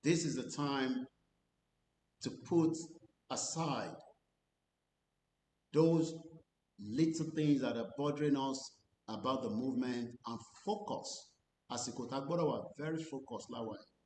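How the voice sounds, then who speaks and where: Nigerian man, activist commentary, deliberate emphatic delivery, roomy echo, faint rumble. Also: darkish tone. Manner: earnest, deliberate, with slow emphatic phrases. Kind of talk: spoken commentary mixing English and Yoruba.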